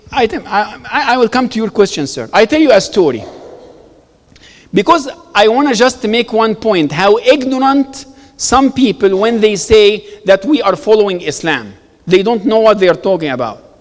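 A man's voice: sits high, lively intonation, normal speed. A man giving an emphatic public talk to an audience, repeating words for stress and telling stories. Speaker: speaker answering audience questions. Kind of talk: animated public talk with storytelling. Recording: long reverb of a hall.

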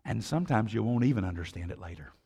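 A man preaching a sermon as pastor, swinging from loud declarations to hushed tones, with conversational asides to the congregation. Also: lowish voice, animated, quick pace, vocal fry, breathy edge, big-room sound.

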